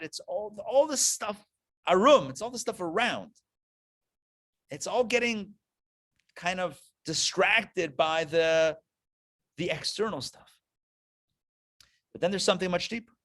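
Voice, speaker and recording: Animated rabbi teaching a live class. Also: male voice, high-pitched. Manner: conversational, checks in with listeners with quick questions. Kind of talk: lively lecture with storytelling. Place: live class before an audience.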